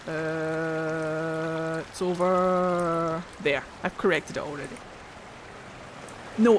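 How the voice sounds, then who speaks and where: A woman's voice: on the low side, a little hiss or hum. A woman with a Geordie accent from Newcastle, chatting casually while streaming a game, swearing freely and answering chat. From Newcastle, England.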